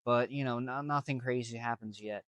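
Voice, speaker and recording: A man's voice: mid-range voice, steady tone, normal speed, a bit bright, no echo. A man casually telling a story to camera, rambling with slang and many restarts. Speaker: vlogger.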